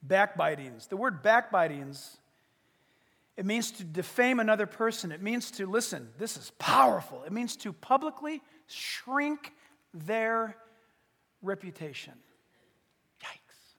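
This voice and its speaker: A male pastor preaching a sermon in a humorous, animated way, acting out little everyday scenes. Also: high voice, unhurried, long reverb tail.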